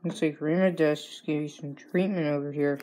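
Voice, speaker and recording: A woman's voice: deep voice, steady tone, a little fast, noisy background. A woman vlogger talking through a playful pretend dialogue, answering herself back and forth with mock indignation.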